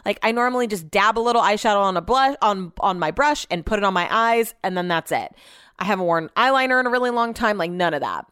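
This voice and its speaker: A woman's voice: medium pitch, quick pace, a bit bright, clear, resonant tone, no echo, clean studio sound. A young woman hosting a podcast, telling a story in a chatty way, swearing freely and acting out what people said. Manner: chatty, swears freely, acts out quoted voices. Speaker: podcast host. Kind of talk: casual storytelling.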